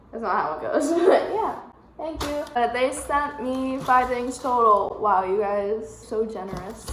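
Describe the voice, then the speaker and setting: Young woman, bubbly fashion vlogger, relaxed unhurried delivery, echoey room. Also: fairly high pitch, a crowd in the background. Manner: bubbly, chatty, breaks off to tease her cat. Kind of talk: casual unboxing chat.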